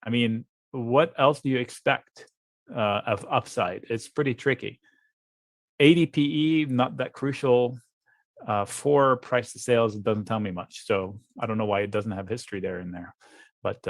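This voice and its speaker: Male guest trader, blunt and offhand, mid-pitched, dry close mic, live webinar chart talk. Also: dry recording. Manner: blunt, quick asides, thinks aloud over charts. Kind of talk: live trading webinar commentary.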